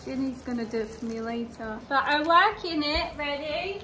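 Chatty British young woman, bright pitch. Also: animated, moderate pace, a little hiss or hum, poor audio. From Britain. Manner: chatty and open, nervous. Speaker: vlogger. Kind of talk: casual video diary.

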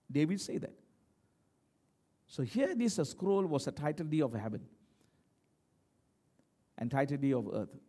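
A man's voice: sits high, darkish tone. A man preaching as pastor, emphatic, often asking the congregation questions. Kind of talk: sermon.

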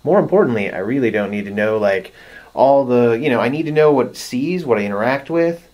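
A man's voice: medium pitch, expressive, brisk, muffled recording. A man co-hosting a casual writing podcast, explaining his points at length and agreeing readily with the others. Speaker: podcast co-host, writer. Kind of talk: casual panel discussion.

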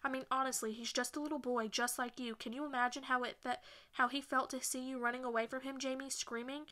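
A stern, caring mother who scolds her boys, as a woman reads her. The voice is bright and slightly high, with little rise and fall. It is a storybook reading. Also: steady tone, quick pace.

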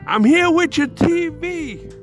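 A man voicing an impatient older male TV repairman, speaking slowly in a high, drawn-out voice. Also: lively intonation, over music, heavily acted. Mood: announcing. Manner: slow, drawn-out and high-pitched. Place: calling up from outside a building.

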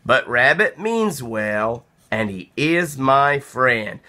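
A man reading a children's picture book aloud, with a gravelly edge to his voice. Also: mid-range voice, sing-song, takes it slowly, pushed and bright. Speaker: storybook reader.

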